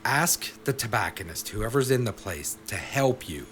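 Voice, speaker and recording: Low-voiced man, wry podcast co-host. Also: big pitch swings, moderate pace, fairly bright tone, a little hiss or hum. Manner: wry, joking asides. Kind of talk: casual podcast chat.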